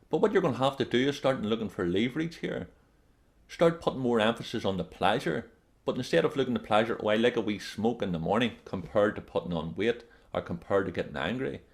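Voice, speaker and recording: Blunt, emphatic man giving a motivational talk. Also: on the low side. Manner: blunt, emphatic and direct, repeats warnings. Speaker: life coach.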